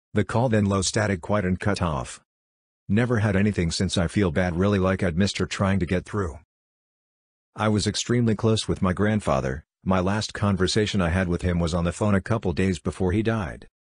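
Low male narrator, dry and close, steady read of ghost stories. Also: no room sound.

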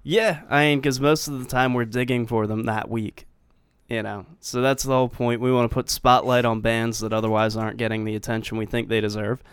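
A man's voice: mid-range voice, level tone, a little fast, smooth, no echo. A man hosting a casual podcast, talking in a laid-back way with frequent fillers and casual swearing. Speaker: podcast host.

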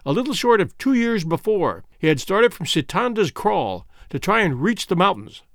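A man reading a first-person adventure audiobook in a measured storytelling way. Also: sits high, sing-song, a bit bright, no room sound, studio quality. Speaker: audiobook narrator. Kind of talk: scripted narration.

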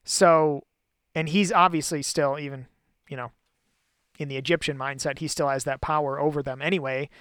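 A man's voice: fairly high pitch, steady tone, normal speed, fairly bright tone, smooth, dry recording, clean studio sound. A man co-hosting a casual Bible study, explaining passages thoughtfully at length.

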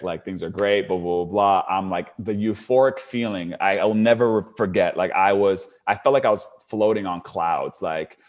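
A young man in casual conversation tells a long story and leans hard on filler words. His voice sits a little low but swings up sharply when he gets excited or upset. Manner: animated, filler-heavy, rising pitch when worked up. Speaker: storyteller guest.

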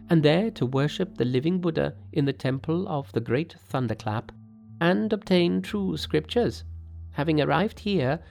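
A cocky monkey sage, as a male reader puts him on, raised well above the reader's own voice and full of grit. He talks briskly and haughtily, sure he can outwit any king. Faint music plays under the storybook reading. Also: on the high side, gravelly, a little mellow, voice pushed up. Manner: brisk, self-assured, haughty. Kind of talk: audiobook narration with character voices.

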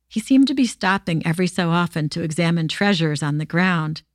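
A woman hosting a podcast, reading true stories aloud in a steady, expressive way. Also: fairly low pitch, fairly quick, no echo, studio quality. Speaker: podcast host.

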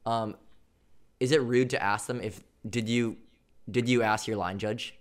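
A man who plays volleyball abroad, asking questions with halting restarts in a casual chat. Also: medium pitch, steady tone.

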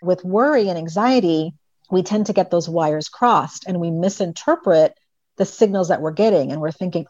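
A middle-aged woman explaining things as a psychologist guest in an interview, her voice sitting a little low. She tells stories animatedly, jumping into the voices of the people in them. The audio is dry and somewhat dull. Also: normal speed, no room sound. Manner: animated storyteller, voices her children in quotes. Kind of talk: conversational interview.

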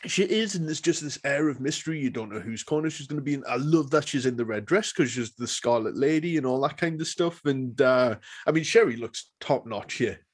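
A man's voice: mid-range voice, expressive, a little fast, hardly any pauses, husky. A man co-hosting a podcast, chatting enthusiastically with lots of fillers. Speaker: podcast co-host. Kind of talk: casual chat.

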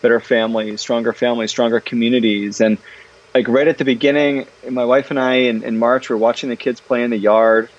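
A man guesting in a casual interview conversation, talking about his books in an animated, chatty way, full of fillers and restarts. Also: mid-range voice, fairly quick, muffled recording. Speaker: guest, parenting author.

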